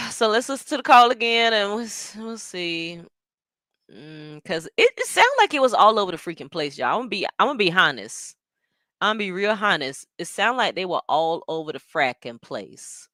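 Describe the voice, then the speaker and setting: A woman's voice: mid-range voice, sharp tone, no echo, clean studio sound. A woman hosting a watch party stream, reacting in casual commentary and talking straight to her viewers with laughs and asides.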